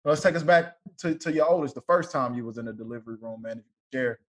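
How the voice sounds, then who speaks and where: A man hosts a casual podcast interview, speaking quickly and easily. His tone is laid-back and friendly. He tends to end his sentences with "man.". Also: mid-range voice. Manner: fast, laid-back, says "man" often. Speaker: podcast host.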